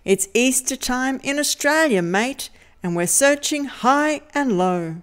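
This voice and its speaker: Slow, sing-song woman reading to kids. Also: high voice, animated, clean tone. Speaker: children's story reader. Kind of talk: reading a picture book aloud to kids.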